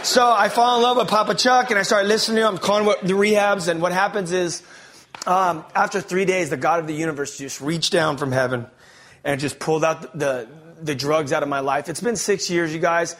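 Slangy, excitable man. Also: on the high side. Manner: energetic, slangy storytelling with quick restarts. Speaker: speaker giving his testimony. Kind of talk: testimony preaching to a live audience.

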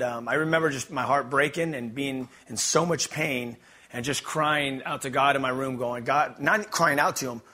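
A man's voice: mid-range voice, bright, forceful tone, breathy edge. A man from Los Angeles, giving a rambling, candid personal testimony to an audience. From Los Angeles, USA. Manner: rambling and candid, many fillers and restarts.

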